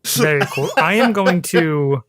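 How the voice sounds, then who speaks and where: A man's voice: a little high, expressive, unhurried, fairly bright tone, slight background noise. A man playing a tabletop game, with dry, understated remarks. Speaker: player. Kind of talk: casual tabletop play.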